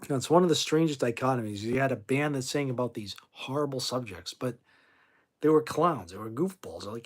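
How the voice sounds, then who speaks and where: A drowsy man hosting a late-night stream, yawning between blunt, rambling remarks and the odd curse. His voice sits at an ordinary middle pitch. He talks like someone who should have gone to bed an hour ago. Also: expressive, fairly quick. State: sleepy, yawning. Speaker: livestream host. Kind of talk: casual livestream chat about classic rock.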